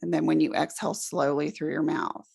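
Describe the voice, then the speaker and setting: A middle-aged woman leading a room through a guided relaxation exercise, giving slow, soothing instructions. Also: sits low, little pitch movement, vocal fry, a little mellow, breathy edge. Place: presentation room with an audience.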